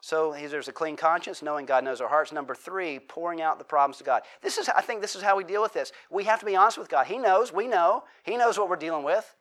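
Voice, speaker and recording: A man's voice: on the high side, fast, few pauses, fairly bright tone. A man preaching a sermon as a pastor, talking casually, asking the congregation questions and acting out heartfelt prayers.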